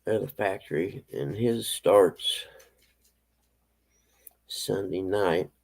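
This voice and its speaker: Drawling low-voiced man, gravelly. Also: extremely slow, darkish tone, rough recording. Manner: rambling, drawling, talks to his pets. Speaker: live streamer. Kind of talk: early-morning casual livestream chat. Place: home, indoors.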